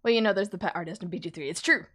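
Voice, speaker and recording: A woman artist chatting casually on a live stream while drawing, animated and laughing often. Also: on the low side, very fast.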